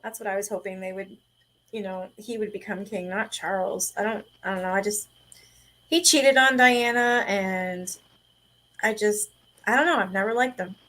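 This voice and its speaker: A woman's voice: medium pitch, moderate pace, fairly bright tone, rough recording. A young adult woman hosting a casual livestream chat, talkative, laughing often and swearing casually. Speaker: host.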